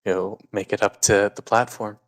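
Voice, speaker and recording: A man's voice: lowish voice, steady tone, normal speed. A man playing a tabletop game, describing his character's actions casually. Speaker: player.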